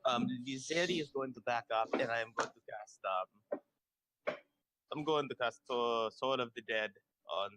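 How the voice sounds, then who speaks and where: A man playing a tabletop game, talking in halting bursts with many fillers. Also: medium pitch, pushed and bright. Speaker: player. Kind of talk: casual tabletop game chat. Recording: noisy mic with clicks.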